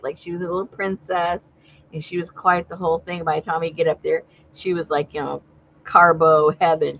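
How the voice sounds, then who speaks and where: A woman's voice: lowish voice, fairly bright tone, a little hiss or hum. A woman chatting casually on a livestream, telling stories and laughing often. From Southern California. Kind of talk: casual chat. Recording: dull lo-fi sound.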